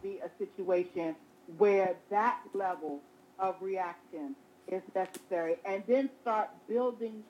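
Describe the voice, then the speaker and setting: A woman, a mother, talking casually in conversation, animated and often restarting her sentences. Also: medium pitch, measured pace, dull audio, a little hiss or hum. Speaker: guest, mother.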